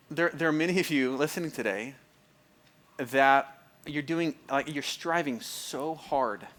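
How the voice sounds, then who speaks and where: A man's voice: mid-range voice, a bit bright, a little hiss or hum. Conversational male pastor preaching a sermon. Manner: conversational, repeats phrases, asks the audience if it makes sense; restarts and stumbles often, fills with "like".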